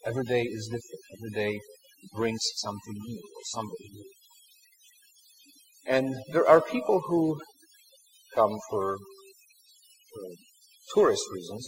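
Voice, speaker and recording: A man, a priest, preaching in a sermon, telling a story in an earnest, reflective way that drops to hushed tones at times. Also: lowish voice, expressive, moderate pace, long pauses, a crowd in the background, low-quality recording.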